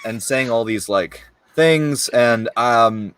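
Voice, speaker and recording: A man's voice: medium pitch, slow pace, a bit bright, a little hiss or hum. A man with a New York accent, telling a story in casual chat, laughing often and full of fillers. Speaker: panelist telling a film-shoot story.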